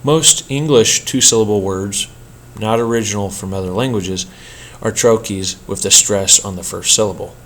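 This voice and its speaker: A man teaching a poetry workshop in a measured, explanatory lecture style, with an occasional slip. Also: fairly low pitch, fairly bright tone, slight background noise. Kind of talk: scripted lecture narration.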